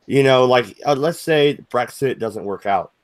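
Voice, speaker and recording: A man's voice: medium pitch, unhurried, no echo. A man co-hosting a live stream, chatting casually in profane, joking banter. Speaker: stream co-host. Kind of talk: casual chat.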